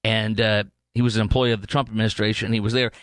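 A man's voice: on the low side, little pitch movement, racing, a bit bright, dry recording, studio quality. A man hosting a talk radio show, delivering a rambling, opinionated political monologue with mocking asides. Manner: rambling, digressive, mocking impressions.

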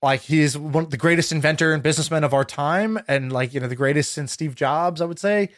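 A man's voice: fairly high pitch, fairly quick. A young man telling stories in casual conversation, rambling with lots of filler words and restarts.

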